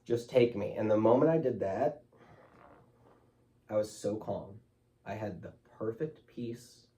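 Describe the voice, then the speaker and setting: A man's voice: on the low side, expressive, takes it slowly, mellow, distant mic. A man speaking as a guest in an interview, telling his story candidly and emotionally, loose with fillers like "like" and "you know".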